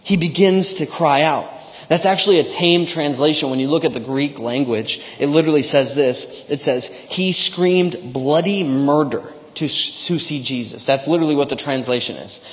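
A pastor delivering a sermon in a church, talking conversationally with frequent "right?" asides to the congregation. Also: male voice, fairly high pitch, moderate pace, a bit bright. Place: church sanctuary. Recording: long church hall reverb.

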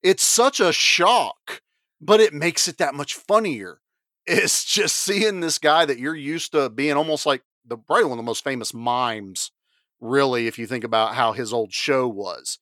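A man's voice: mid-range voice, a little slow, sharp tone, dry recording, clean studio sound. A man in his forties co-hosting a podcast, chatting casually and animatedly about a film and laughing easily. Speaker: podcast co-host. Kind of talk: casual chat about a movie.

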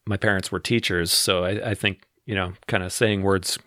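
A man's voice: sits low, steady tone, normal speed, pushed and bright, no room sound, clean studio sound. A man from Massachusetts co-hosting a podcast, chatting in an easygoing way and laughing as he explains. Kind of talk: casual chat.

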